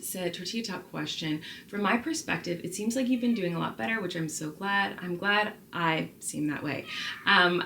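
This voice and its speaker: A woman in her thirties talks casually to camera at home, answering viewer questions. Her voice sits low for a woman. She rambles candidly, restarting her sentences, and a faint hum of ambience runs behind her. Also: gravelly, fairly bright tone. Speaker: vlogger.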